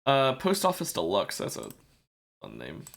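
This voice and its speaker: A man's voice: medium pitch, huge pitch swings, measured pace, creaky, a bit bright. Sleepy man rambling over a game. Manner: rambling, self-correcting, laughs at himself. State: sleepy, yawning. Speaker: streamer. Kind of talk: casual gameplay commentary.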